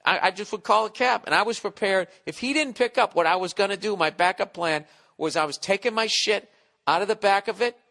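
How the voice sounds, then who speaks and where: A man's voice: sits high, a little fast, creaky, pushed and bright, long reverb tail. A man hosting a podcast, telling a comic story in a profane rant and acting out his own outbursts. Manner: ranting, swears constantly, acts out his own outbursts. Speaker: podcast host. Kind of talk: profane comedic storytelling monologue.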